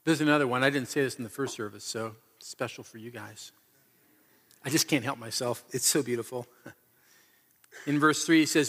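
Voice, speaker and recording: A man's voice: medium pitch, normal speed, pauses often, a bit bright, slightly rough. A man preaching a sermon as pastor, telling the story with earnest, emphatic repetition. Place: church hall. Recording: reverberant hall.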